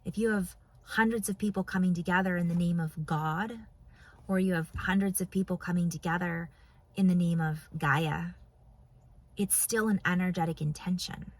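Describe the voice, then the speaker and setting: Husky-voiced woman giving earnest spiritual talk. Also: lowish voice, steady tone. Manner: soft, earnest, emotional, pauses often. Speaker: spiritual channel vlogger. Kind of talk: heartfelt spiritual talk to camera.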